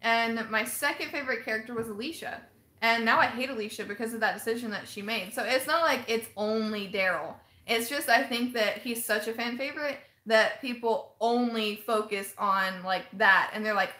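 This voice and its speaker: A woman's voice: fairly high pitch, fairly quick. Chatty woman live-streaming in an echoey room. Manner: chatty, animated, laughs often, reads out chat comments. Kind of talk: casual live chat reacting to viewer comments.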